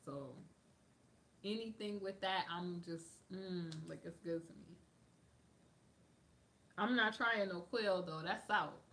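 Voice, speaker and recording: This woman's voice sits on the low side and is a bit bright, with a slow pace, frequent pauses and a little hiss or hum. She's an American livestream host chatting casually, responding to viewers' comments and wandering between subjects with lots of "like."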